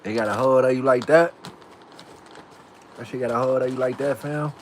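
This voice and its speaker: On his livestream, a man from the United States talks at normal speed in a steady, mid-range voice, with a bit of background noise. He keeps it laid-back, dropping street slang while practicing saying words aloud.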